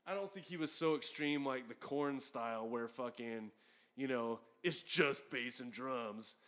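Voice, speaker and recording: Profane, animated man telling a story. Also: medium pitch, measured pace. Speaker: former metal band guitarist, podcast guest. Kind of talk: casual storytelling chat. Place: house party.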